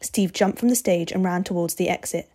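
A woman narrating a story aloud with expressive, steady delivery. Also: lowish voice, fairly quick.

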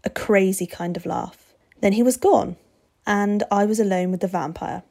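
A woman's voice: medium pitch, moderate pace, dark tone. Woman reading a story aloud. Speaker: narrator.

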